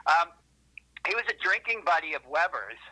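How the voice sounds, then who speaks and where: A man's voice: a little high, big pitch swings, normal speed, bright, forceful tone, poor audio. A man being interviewed, telling rambling, profane stories with lots of self-correcting asides. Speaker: interviewed musician. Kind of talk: casual interview storytelling.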